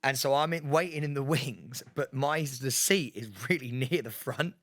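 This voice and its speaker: A man co-hosting a podcast, telling an animated story full of laughter and acted-out quotes. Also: mid-range voice, normal speed, no room sound, studio quality. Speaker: podcast co-host. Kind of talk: casual storytelling chat.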